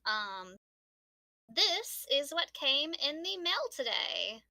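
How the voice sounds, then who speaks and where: A woman in a casual group voice call, chatting excitedly and laughing about a collectible she got in the mail. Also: sits high, slow, no echo, rough recording. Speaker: book club member.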